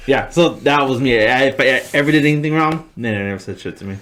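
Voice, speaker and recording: A man's voice: medium pitch, racing, hardly any pauses. A man co-hosting a podcast, telling laid-back, profane school stories in casual chat. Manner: laid-back, profane, jumps into bright voices when quoting. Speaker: podcast co-host.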